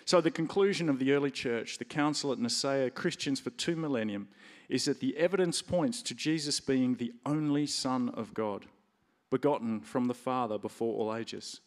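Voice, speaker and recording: A man preaching a sermon in a conversational way, stressing key words with lively emphasis. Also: medium pitch, moderate pace. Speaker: pastor. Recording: reverberant hall.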